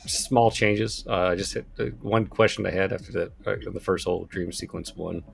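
A man's voice: low voice, fairly even intonation, fairly quick, creaky. A man at a script read-through, speaking hesitantly in casual chat. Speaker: cast member at a read-through.

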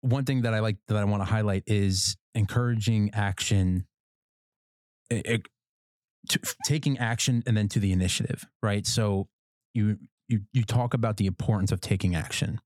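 A man hosting a podcast in casual interview chat, rambling and restarting his sentences often, quick to laugh. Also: fairly low pitch, darkish tone, no room sound, clean studio sound. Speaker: podcast host.

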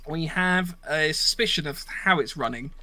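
A man hosts a relaxed podcast with a bright, slightly raised voice. He rambles through announcements and fills the gaps with ums and uhs. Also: fairly high pitch, normal speed. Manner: rambling, with many fillers. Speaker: podcast host. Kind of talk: casual podcast chat.

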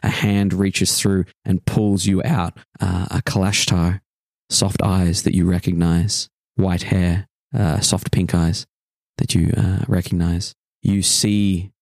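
A man narrating as game master of a tabletop game, describing a dream slowly with pauses. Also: deep voice, a little mellow, dry recording.

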